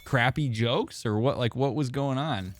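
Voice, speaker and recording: A man's voice: medium pitch, a little slow, faint music behind. A young man, a therapist streaming a game, chatting casually and answering viewers by name. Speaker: therapist streamer reading chat. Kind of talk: casual gaming stream chat.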